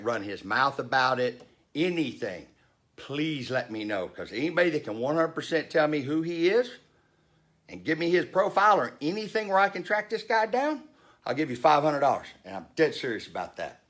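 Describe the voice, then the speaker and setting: A man's voice: a little high, very animated, fairly quick, fairly bright tone. A man in his fifties telling a story in a heated rant, blunt and profane. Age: 50s. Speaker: vlogger.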